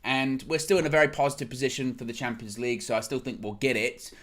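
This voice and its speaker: A man hosting a football fan show, ranting in an animated, exasperated way after a match. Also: mid-range voice, quick pace. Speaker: football fan channel host.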